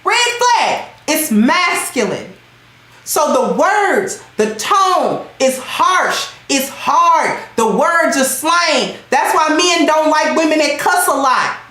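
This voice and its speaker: A woman hosts a livestream in a loud, emphatic, slang-heavy voice that sits very high. Her pitch swoops about a lot as she drives her points home. The sound rings through a very echoey room. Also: very animated, slow. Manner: reads out and thanks chat commenters. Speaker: livestream host.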